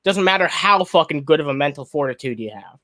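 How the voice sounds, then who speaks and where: A man with a fairly high voice talks on a live stream. He rants in a blunt, profane way, reacts to a video and shouts out to people in his chat. At times he talks while chewing. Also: expressive, a little fast. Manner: profane, blunt and ranting, greets chat viewers. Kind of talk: casual live-stream commentary.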